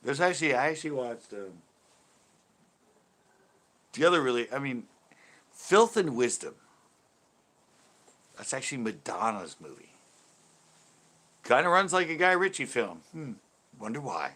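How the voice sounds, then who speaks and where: A man's voice: mid-range voice, sing-song, a little slow, long pauses, sharp tone. A man hosting a fishing channel livestream, chatting casually with viewers in a rambling, laid-back way and laughing easily.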